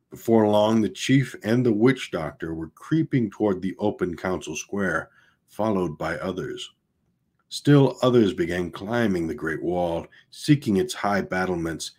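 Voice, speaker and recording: A man's voice: deep voice, a little mellow, husky. A man reading a novel aloud in an unpolished, homemade style, with restarts and casual asides. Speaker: audiobook reader.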